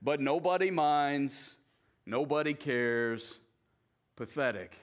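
A man voicing a gloomy, self-pitying old gray male donkey from a storybook, with a slow, mournful drawl. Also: medium pitch, close to an everyday voice.

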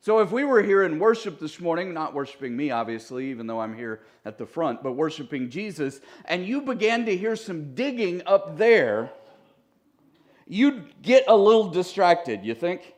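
A man's voice: a little high, expressive, moderate pace, a little mellow. Conversational man preaching a sermon. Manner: conversational, joking asides to the congregation. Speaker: pastor. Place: church sanctuary.

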